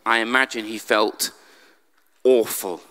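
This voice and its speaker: A man's voice: on the low side, steady tone, takes it slowly, bright, forceful tone. A man preaching a humorous sermon in a church, telling the story with dry jokes. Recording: long church hall reverb.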